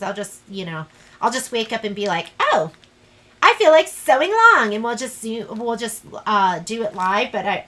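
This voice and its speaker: A woman's voice: medium pitch, a bit bright, rough recording. A woman teaching a live online sewing class, chatting in a rambling, self-deprecating way as she works. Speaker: sewing instructor.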